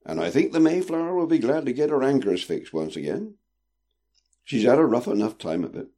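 A man's voice: medium pitch, very animated, brisk, warm tone, voice pushed up. A man voicing a jovial, portly old ship captain with a teasing, old-fashioned way of speaking. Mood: reassuring.

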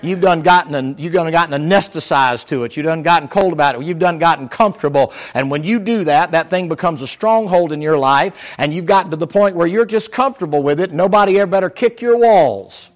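Preacher guy, kinda high voice, folksy stories then fired-up preaching. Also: fairly quick, hardly any pauses. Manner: folksy storytelling that turns to fervent exhortation. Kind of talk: sermon.

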